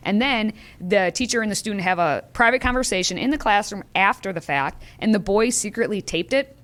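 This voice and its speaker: A woman's voice: mid-range voice, expressive, fairly quick, fairly bright tone. A woman co-hosting a political talk show, recounting stories with wry sarcasm.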